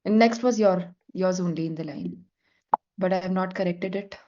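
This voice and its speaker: A woman's voice: lowish voice, moderate pace, warm tone. A middle-aged woman teaching French in an online class, switching between English and French. She explains step by step, patiently. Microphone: video call. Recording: slightly dull lo-fi call audio.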